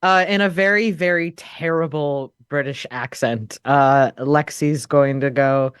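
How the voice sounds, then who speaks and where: A woman's voice: sits low, fairly even intonation, unhurried, smooth, dry recording. A woman playing a tabletop role-play game, eager and jokey. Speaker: player.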